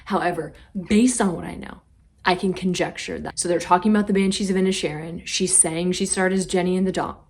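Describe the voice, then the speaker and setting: Woman vlog host with a lowish voice, chatty and a bit dramatic. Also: fairly even intonation, fairly quick. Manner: chatty, dramatic, with playful exaggeration. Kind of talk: casual commentary vlog.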